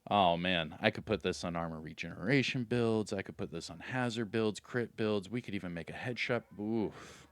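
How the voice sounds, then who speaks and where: Guy casually walking thru game loot, gets hyped, smooth low voice, dry close mic. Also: dry recording. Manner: upbeat, hyped about loot, lists items quickly. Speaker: gaming video host.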